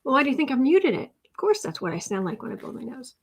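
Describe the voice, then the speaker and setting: A woman's voice: high voice, big pitch swings, fast talker, slightly rough. Chatty woman live-streaming tarot. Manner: chatty, laughs often, coos baby talk to her cat. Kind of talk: casual live-stream chat.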